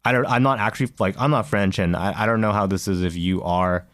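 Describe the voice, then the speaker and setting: A man's voice: on the low side, fast, fairly bright tone, dry recording, studio quality. A man co-hosting a podcast, chatting casually about video games, full of fillers and restarts. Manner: hesitant, many fillers and restarts. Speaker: podcast co-host.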